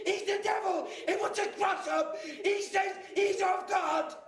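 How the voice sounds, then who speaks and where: A shrieking, very high woman spirit, as a man channels her rants in slow, dragged-out bursts. She is bitter and wild, caught in an echoey room. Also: steady tone, far from the mic, a faint crowd. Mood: raging. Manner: shouting, hissing and ranting.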